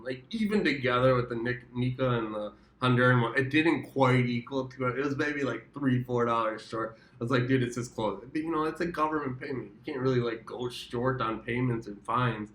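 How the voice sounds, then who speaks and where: A man's voice: mid-range voice, a bit bright. A man from the United States telling a rambling, profane travel story in a casual vlog, often correcting himself mid-sentence. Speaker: travel vlogger. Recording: roomy echo.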